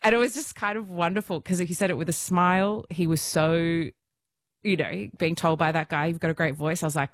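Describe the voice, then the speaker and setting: A woman's voice: on the low side, fairly even intonation, a little fast, no echo, clean studio sound. A woman in her thirties, a musical theatre performer, telling stories as a radio guest in an enthusiastic, self-deprecating way with frequent laughs. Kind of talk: casual radio interview storytelling.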